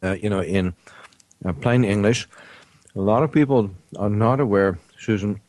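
A man hosting a casual radio health talk show from a studio, halting often with ums and uhs. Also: lowish voice, a little mellow, dry recording.

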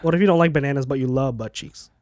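A man's voice: medium pitch, very fast, a little mellow, no room sound. A man in casual chat as a podcast co-host, playful and teasing with his questions.

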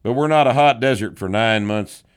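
A man's voice: mid-range voice, moderate pace, smooth, pitched above the performer's own voice, close to an everyday voice. A man voicing a blustering, indignant Canadian man who scolds and tacks on "eh". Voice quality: folksy, says "eh". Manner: loud, scolding, mock-folksy.

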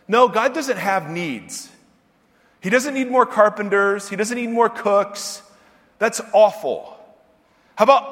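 High-voiced preacher in a reverberant hall. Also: male voice, moderate pace. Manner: animated, swings from quiet to loud emphatic. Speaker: pastor. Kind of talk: sermon.

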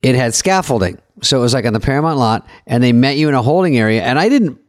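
A man in a casual podcast chat, spinning a rowdy, swear-laden story with animated energy. His voice sits in the usual male middle range. It is recorded close and dry, with no room around it. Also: mid-range voice, fast talker, dry recording. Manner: profane, animated anecdote-telling. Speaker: podcast co-host.

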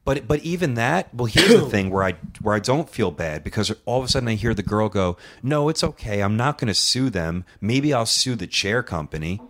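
Man, deep voice, casual podcast chat, rambling storyteller, swearing. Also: expressive, fairly quick, few pauses. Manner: rambling storyteller, acts out quotes, swears freely. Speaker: co-host telling a story.

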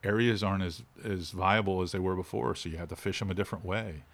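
A middle-aged man, a fishing instructor talking in a casual interview with animated, shifting inflection. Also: sits low, fast, gravelly.

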